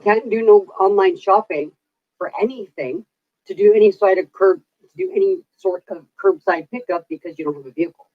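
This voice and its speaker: A woman's voice: mid-range voice, a little fast, no echo. A woman vlogger venting in casual chat, swearing freely as she rants. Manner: profane, venting rant. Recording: dull, dry lo-fi recording.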